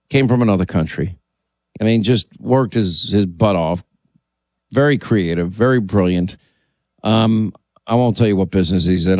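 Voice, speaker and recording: A man's voice: lowish voice, darkish tone, no room sound. A man hosting a podcast, telling a long personal story in casual conversation, with many restarts. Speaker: podcast host.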